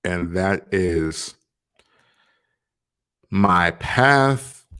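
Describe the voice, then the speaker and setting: A man's voice: sits low, expressive, drawn-out words, sharp tone, clean tone. A man in his thirties hosting a casual vlog, talking in a laid-back, rambling way with lots of fillers. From Tennessee, USA. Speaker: vlog host.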